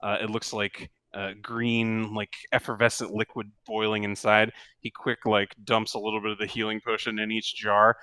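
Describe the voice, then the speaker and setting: A man narrating a tabletop game as game master, in a relaxed and rambling way with many fillers. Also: on the low side, normal speed, hardly any pauses, smooth, no room sound.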